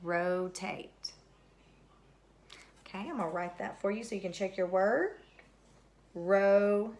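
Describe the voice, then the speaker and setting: A woman's voice: medium pitch, expressive, a little mellow. A woman teaching a third grade word study lesson, speaking patiently and repeating each word. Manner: slow, patient, deliberate, repeats words for spelling. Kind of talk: recorded classroom lesson.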